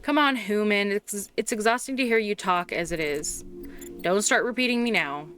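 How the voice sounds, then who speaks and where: A woman's voice: mid-range voice, moderate pace, fairly bright tone, close to an everyday voice. A woman voicing a rude, sarcastic male city computer in a game, with a snide, mocking manner. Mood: dismissive. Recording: game music playing underneath.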